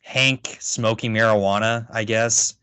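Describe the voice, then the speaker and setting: A man's voice: fairly low pitch, unhurried, smooth, no echo. A man co-hosting a podcast, chatting casually and rambling through thoughts with lots of fillers. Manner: rambling, filler-heavy, animated asides. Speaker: podcast co-host. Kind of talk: casual chat.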